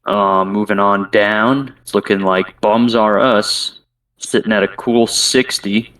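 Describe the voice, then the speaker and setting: A man's voice: fairly low pitch, takes it slowly. Laid-back male podcast host, off-mic. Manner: relaxed, filler-heavy delivery with frequent laughs. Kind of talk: casual podcast banter, reading out standings. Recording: voice a bit distant from the mic.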